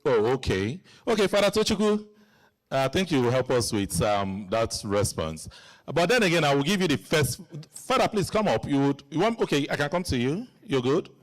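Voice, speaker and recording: A man's voice: medium pitch, very animated, normal speed. A man hosting a live community Q and A in a hall, chatty and joking as he coaxes the audience to ask questions. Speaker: event host.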